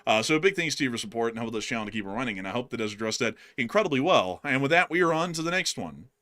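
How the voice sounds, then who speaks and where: A man talks fast in a loose, joking livestream chat. His voice is bright and a little sharp, and he laughs easily between points. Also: mid-range voice. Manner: quick, animated, laughs easily. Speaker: co-host.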